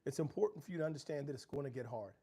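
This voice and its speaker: Talking rapid-fire in a warm, medium-pitched voice with a slightly rough edge, a middle-aged man livestreams motivation from home. He speaks earnestly, even preachily, about growth and challenge and reads out messages from viewer chat.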